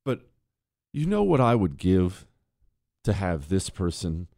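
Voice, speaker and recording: A man hosting a political talk show, ranting in an exasperated, animated way. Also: deep voice, slow, vocal fry, dry recording, studio quality. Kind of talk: opinionated commentary.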